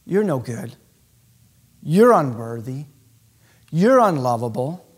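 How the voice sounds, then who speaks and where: A man voicing a sly, scornful devil who taunts the listener, in a quieter, lower tone. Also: big pitch swings, takes it slowly, slightly rough, heavily acted.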